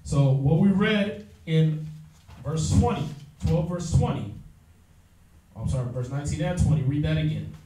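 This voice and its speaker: A man's voice: a little high, lively intonation, measured pace, pauses often, warm tone, a little hiss or hum. A man teaching a Bible class, lecturing emphatically with lots of fillers and restarts. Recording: echoey room, mic far off.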